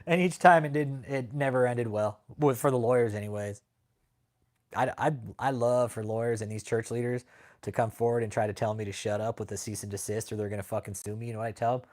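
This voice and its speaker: A man's voice: medium pitch, steady tone, a little fast, darkish tone. A man hosting a livestream, talking in a brash, profane, casual rant and laughing often. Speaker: livestream host.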